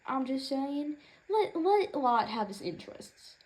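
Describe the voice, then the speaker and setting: A woman's voice: high-pitched, very animated, a little slow, a little mellow, low-quality recording. A woman doing a comedic in-character rant as a proud mother, sassy and rambling, indignant on her son's behalf. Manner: sassy, rambling, indignant, with Southern-style turns of phrase. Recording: noticeable background noise.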